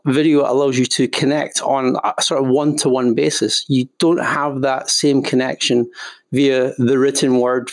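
A man with a Scottish accent, a guest on a podcast, talking in a relaxed, conversational way. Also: mid-range voice. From Scotland. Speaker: podcast guest, marketing consultant. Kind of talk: podcast interview.

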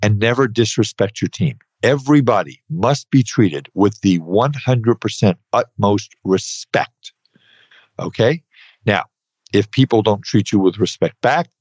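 A man's voice: lowish voice, expressive, normal speed, a little mellow, dry recording. A man in his fifties hosting an advice podcast, talking earnestly and emphatically and repeating points with "okay". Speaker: podcast host, accountant. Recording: dry, slightly dull podcast audio.

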